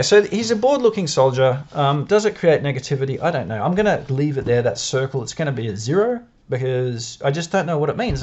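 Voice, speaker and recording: Australian man, casual video commentary, animated delivery, muffled lo-fi sound. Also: mid-range voice. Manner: chatty and self-doubting, laughs often. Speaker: video creator analysing newspapers. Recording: dull lo-fi sound.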